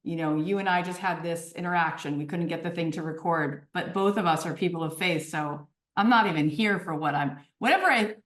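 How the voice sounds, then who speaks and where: A woman in her forties, a podcast guest telling stories in an animated conversational way, often checking in with "right?" and "okay?". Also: lowish voice, fairly quick, few pauses, distant mic. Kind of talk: storytelling in conversation. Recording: roomy echo.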